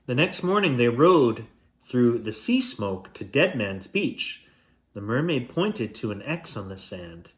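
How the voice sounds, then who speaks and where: A man hosting a show reads a children's bedtime story aloud with a playful, expressive delivery. His medium-pitched voice moves a little slowly and swings up and down in lively, animated ways.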